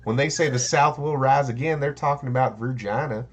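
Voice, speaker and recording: A man's voice: medium pitch, fairly quick. A man co-hosting a podcast, rambling in casual chat with lots of "like" and "um". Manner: rambling, full of "like" and "um". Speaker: podcast co-host.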